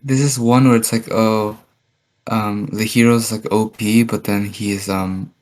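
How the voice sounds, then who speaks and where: A man's voice: lowish voice, flat delivery, measured pace, a little mellow. A young man co-hosting a podcast in casual chat, telling stories in a rambling way with many "like" fillers. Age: young adult. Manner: rambling storytelling, constant "like" fillers; acts out quoted dialogue. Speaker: podcast co-host.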